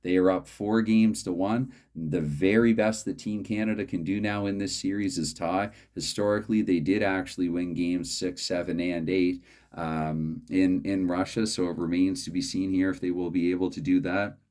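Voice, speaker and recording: A man hosting a solo tabletop hockey card game, calling the plays in a halting, dry play-by-play way. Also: deep voice, little pitch movement, a little mellow.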